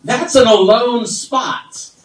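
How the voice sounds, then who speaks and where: Fervent preacher man, high voice, roomy. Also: slow pace, a little hiss or hum. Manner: fervent preaching, swinging from low asides to loud high exclamations. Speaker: pastor. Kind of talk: sermon. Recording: roomy sound from far off.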